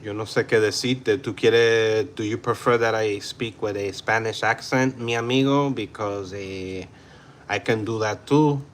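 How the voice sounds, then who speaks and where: A man in his forties from New York City hosts a livestream and talks bluntly over the chat. His voice sits low, and he takes his time, with long drawn-out pauses. He often slips into Spanish phrases. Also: steady tone, a little hiss or hum. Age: 40s. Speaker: livestream host. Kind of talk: casual livestream commentary reading chat.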